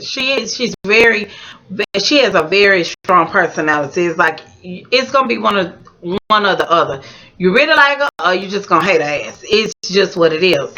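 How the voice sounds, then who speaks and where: Bright-voiced woman chatting a TV recap. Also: medium pitch. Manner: slangy, animated, talks straight to viewers. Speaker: TV recap vlogger. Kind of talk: casual chatty show recap.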